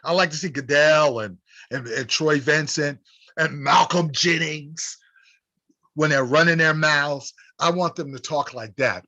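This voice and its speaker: A man's voice: a little high, a little slow, sharp tone. A man hosting a sports radio show, delivering an emphatic opinion monologue with repeated rallying phrases.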